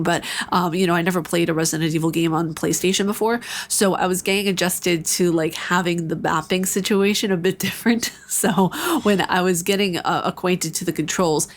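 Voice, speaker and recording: A young adult woman giving a casual, enthusiastic video game review, chatty and full of fillers. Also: lowish voice.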